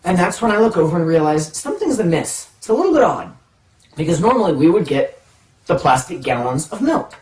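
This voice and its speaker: A man telling a comic personal story to the camera, animated and self-mocking. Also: fairly high pitch, fairly quick. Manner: animated, self-mocking, acts out voices in his stories. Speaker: storytelling vlogger. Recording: echoey room, mic far off.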